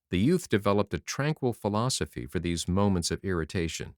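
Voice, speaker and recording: A man narrating a classic novel as an audiobook in a dramatic, expressive reading. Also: low-pitched, brisk, hardly any pauses, no echo, clean studio sound.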